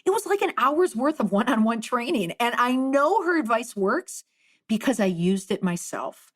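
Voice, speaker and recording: A woman's voice: fairly high pitch, sing-song, normal speed. A woman hosting a podcast interview, chatting with enthusiastic, exclamatory reactions. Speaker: podcast host.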